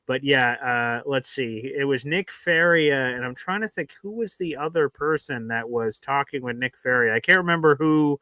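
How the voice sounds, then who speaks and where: A man co-hosting a casual sports talk show, telling stories with animated acted-out reactions. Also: medium pitch, moderate pace, hardly any pauses, no room sound. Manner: animated storyteller, acts out his own reactions. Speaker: podcast co-host.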